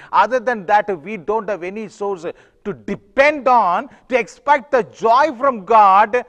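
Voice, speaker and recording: High-voiced male preacher in a reverberant hall. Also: fairly bright tone. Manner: halting, many fillers and restarts. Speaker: pastor. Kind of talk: sermon.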